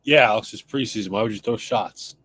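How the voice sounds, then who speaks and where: A man co-hosting a fan sports livestream, answering in a relaxed, offhand way. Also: on the low side, brisk, husky. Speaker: co-host.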